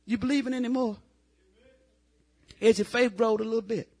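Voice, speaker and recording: An older woman preaching a revival sermon in a folksy, testifying way that rises to loud, fervent exclamations. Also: on the high side, fairly even intonation, normal speed.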